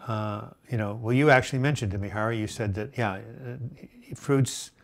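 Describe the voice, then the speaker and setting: A middle-aged man answers viewer questions during a live chat, reading comments aloud and offering gentle advice amid many fillers and restarts. He speaks at a moderate pace in a fairly low voice.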